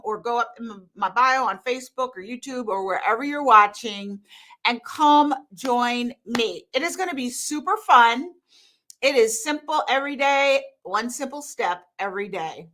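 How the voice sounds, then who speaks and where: A woman with a voice on the high side speaks unhurriedly while hosting a live stream as a hormone coach. Chatting casually with viewers, she's animated, blunt and emphatic, and laughs often.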